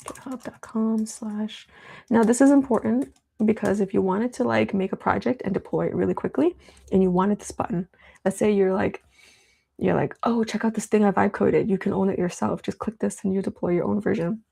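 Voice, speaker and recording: Chatty woman with a gravelly, mellow voice. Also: mid-range voice, fairly even intonation, a little fast. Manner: chatty, rambling, with many fillers. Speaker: livestream host. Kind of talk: casual live-stream tech demo.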